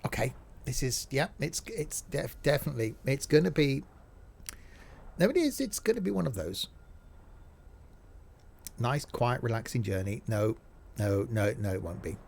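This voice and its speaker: A man casually commenting while playing a train simulator, chatty and self-mocking, quick to exasperation. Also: mid-range voice, expressive, creaky, darkish tone, a little hiss or hum.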